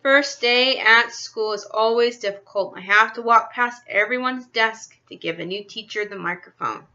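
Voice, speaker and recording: Bright, expressive woman reading a children's book aloud. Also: a little high, moderate pace, lo-fi sound. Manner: expressive first-person storytelling. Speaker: reader. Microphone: built-in computer webcam mic.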